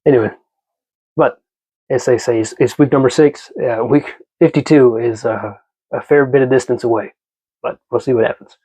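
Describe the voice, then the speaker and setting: Male book vlogger, casual chat, mid-pitched, rambling with loose fillers. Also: fairly even intonation, moderate pace, long pauses, mellow, husky, poor audio. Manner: rambling, many fillers and restarts.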